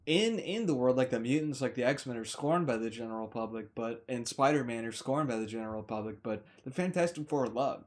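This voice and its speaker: An enthusiastic man talks through a film in a loose, unscripted way, tripping over his words and circling back as his excitement builds. His voice sits at an ordinary middle pitch, and he sounds like a casual vlogger chatting from a room at home. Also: a little fast, hardly any pauses. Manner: excitable, gushing, rambles with restarts and mild swearing substitutes. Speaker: movie reviewer. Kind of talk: casual rambling review. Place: indoors, warm room.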